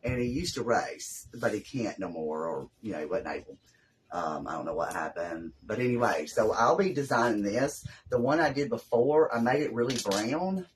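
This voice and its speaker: A woman's voice: rumbling low, animated, normal speed, a little hiss or hum, poor audio. A woman with a Southern US accent, hosting a casual craft live stream and chatting in a rambling way with her viewers from her home craft room.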